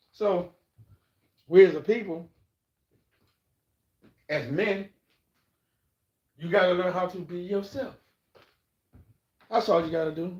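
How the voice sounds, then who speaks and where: A man's voice: a little high, reverberant, dull audio. A man hosting his own podcast, talking bluntly and profanely as he gives life advice in a rambling monologue that often repeats itself. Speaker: podcast host.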